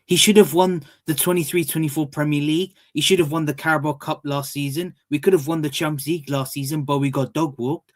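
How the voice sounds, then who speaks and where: A man in a heated football call-in, loudly mocking rival fans by mimicking them. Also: on the high side, fairly even intonation, quick pace, few pauses. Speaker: call-in panelist.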